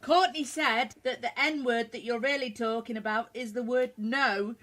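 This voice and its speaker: A woman's voice: a little high, fairly even intonation, measured pace, fairly bright tone. A British woman co-hosting a casual internet radio talk show, giggling and teasing as she talks. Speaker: co-host.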